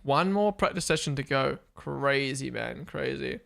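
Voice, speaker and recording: A young man hosting a live race watchalong stream, chatting casually, excitable and swearing as he thinks aloud. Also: mid-range voice, a little slow, vocal fry.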